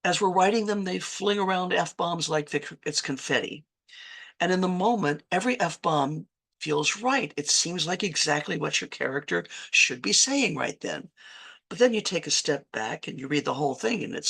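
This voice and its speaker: A woman's voice: low-pitched, normal speed, vocal fry, a bit bright, slightly rough. A woman from Virginia giving a conversational writing workshop lecture, often correcting herself mid-sentence and adding chatty asides. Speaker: writing instructor.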